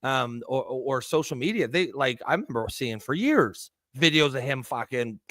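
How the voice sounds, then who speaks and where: A man's voice: mid-range voice, lively intonation, moderate pace, a bit bright, no echo, clean studio sound. Easygoing man co-hosting. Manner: easygoing, laughs along, swears casually. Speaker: podcast co-host. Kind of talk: casual political chat.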